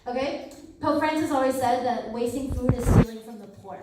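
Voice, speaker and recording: A young adult woman giving a lively storytelling talk, acting out the people in her stories and laughing often. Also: fairly high pitch, normal speed, very noisy. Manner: animated, acts out quoted people, laughs often. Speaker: speaker at a campus ministry talk. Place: hall at a university ministry center. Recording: very echoey hall, mic far off.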